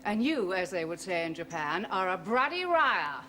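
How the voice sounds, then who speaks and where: An actress playing a sharp-tongued, suspicious wife trading dry retorts in a sitcom. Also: female voice, on the low side, normal speed, heavy background noise, natural voice. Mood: tart. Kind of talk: studio sitcom acting.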